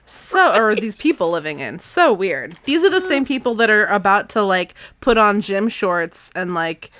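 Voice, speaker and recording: A woman's voice: medium pitch, sing-song, normal speed, a bit bright, no room sound. A woman co-hosting a podcast, chatting casually about a book, laughing often and reading passages aloud. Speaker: podcast co-host. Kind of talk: casual chat recapping a book.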